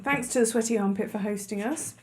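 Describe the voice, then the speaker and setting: A woman's voice: on the high side, brisk, darkish tone, a little hiss or hum. A woman co-hosting a casual quiz night stream, playful and teasing. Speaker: quiz co-host. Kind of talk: casual live-stream chat.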